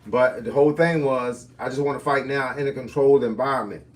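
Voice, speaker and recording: A man's voice: mid-range voice, brisk, distant mic. A man in his fifties, a fitness and boxing coach, answering viewers' questions on a live stream in casual, folksy slang. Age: 50s.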